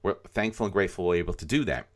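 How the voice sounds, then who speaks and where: Middle-aged guy with a real deep voice, rambly podcast chat, lots of ums and restarts. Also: rapid-fire. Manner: rambling, many fillers and restarts. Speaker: podcast co-host.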